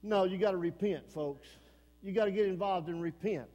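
A man with an East Texas accent delivers an impassioned sermon from the pulpit. His voice sits strikingly high and carries a long reverb from the church hall. He swings from shouted warnings to quiet, earnest pleading. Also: moderate pace. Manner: impassioned preaching, swings between shouting and low earnest talk. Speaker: pastor. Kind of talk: fiery sermon. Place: church sanctuary.

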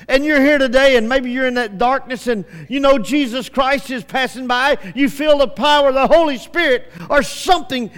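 Male preacher, very high voice, fervent revival sermon, hushed to shouting, long hall reverb. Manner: impassioned, swings from hushed to shouting. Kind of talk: evangelistic sermon. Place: church service.

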